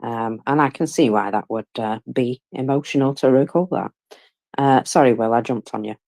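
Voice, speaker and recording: A host of an online audio chat speaks in a reassuring, friendly way. The voice has a middle pitch. The sound is dry and close. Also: normal speed, a little mellow, no echo. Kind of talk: casual chat.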